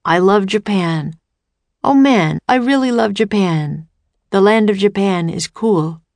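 A woman's voice: mid-range voice, a little slow, darkish tone, dry recording, lightly acted. A woman voicing a nervous young boy who speaks in an anxious, hesitant way.

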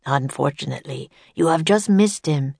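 A woman voicing a polite old male night watchman in a storybook reading, speaking slowly and courteously. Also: sits low, vocal fry, a little mellow, slightly rough, no echo, studio quality, exaggerated voice.

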